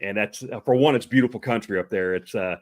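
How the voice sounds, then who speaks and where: A man's voice: fairly low pitch, fast talker, very noisy. A man with an East Texas accent hosting a live chat show, rambling with lots of fillers and restarts. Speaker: host.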